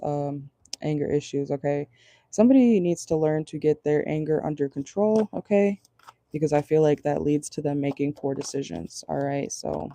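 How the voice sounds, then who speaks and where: A tarot reader gives a casual channeled reading from a parked car in a medium-pitched, dark-toned voice. She talks bluntly, swearing and laughing often.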